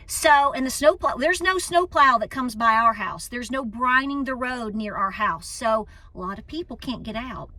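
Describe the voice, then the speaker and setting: A woman's voice: sits high, pushed and bright, no echo. A woman with an East Tennessee Southern accent, chatting casually to her channel in a folksy way while filming on a handheld phone. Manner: folksy and chatty, calls people honey. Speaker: homestead channel host. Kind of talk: casual vlog chat. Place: inside a car, then a busy store. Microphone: handheld phone at arm's length.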